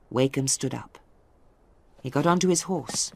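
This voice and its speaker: A storyteller reading a simple novel aloud for English learners, slowly and with clear spacing. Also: medium pitch, dry recording. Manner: slow, clearly spaced storytelling. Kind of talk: slow graded-reader narration for English learners.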